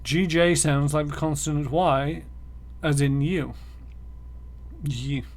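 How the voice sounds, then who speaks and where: Slow, gravelly male game streamer. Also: on the high side, steady tone. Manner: stumbling, self-mocking, sounding out words. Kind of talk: reading game text aloud while playing.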